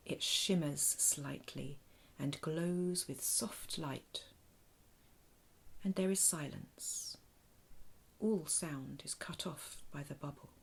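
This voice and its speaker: Woman narrating a children's imagination story, low, slow, gravelly, hushed. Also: slight background noise. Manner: soft, hushed, often half-whispered delivery.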